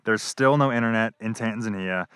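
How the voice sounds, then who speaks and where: A man's voice: lowish voice, normal speed, fairly bright tone, clean tone, dry recording, studio quality. Rambling, profane young man. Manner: rambling, profane, full of fillers. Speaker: travel vlogger. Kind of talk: casual storytelling vlog. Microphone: wireless clip-on mic.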